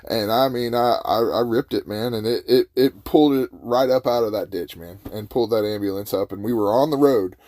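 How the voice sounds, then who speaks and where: A man's voice: lowish voice, a little fast, hardly any pauses, no echo. A man hosting a podcast, telling a personal story casually and with animation, acting out the lines of the people in it. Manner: animated, acts out his own and others' lines. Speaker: podcast host.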